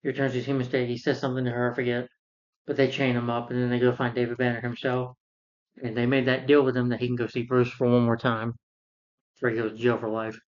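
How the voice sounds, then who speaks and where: A film reviewer rants casually about a movie he dislikes, rambling through the plot, retelling scenes, and acting out the characters. His middle-pitched voice is completely flat in delivery and fast. The recording is slightly dull and lo-fi.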